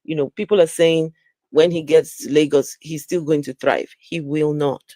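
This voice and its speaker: A woman hosting a casual livestream chat, animated and exclaiming as she reads viewer comments aloud. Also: low voice, moderate pace, no echo, studio quality. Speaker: channel host.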